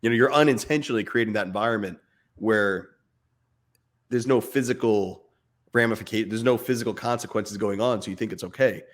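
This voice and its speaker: A man's voice: lowish voice, a little fast. A man in his thirties co-hosting a casual fatherhood chat, earnest and talking in bursts. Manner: earnest, speaks in bursts, imitates barking dad voice. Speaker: podcast co-host.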